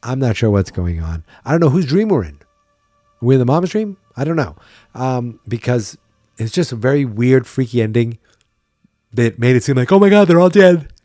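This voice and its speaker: A man's voice: medium pitch, animated, normal speed, mellow, no room sound, clean studio sound, soft background music. A tired man hosting a podcast, chatting wryly and thinking aloud in a casual solo recap. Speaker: podcast host.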